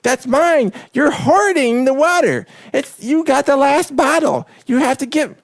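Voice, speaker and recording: A man voicing a pushy cartoon New Yorker with a put-on New York accent, loud and demanding. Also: very high-pitched, a little slow, creaky, pitched above the performer's own voice, full character voice. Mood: indignant.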